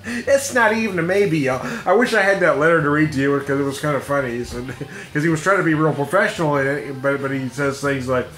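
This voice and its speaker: Here the same kind of middle-aged podcast host sounds a little high and brisk, with a fairly bright tone. Laughing often and cursing without restraint, he wanders through an offhand monologue while faint music plays in an echoey room.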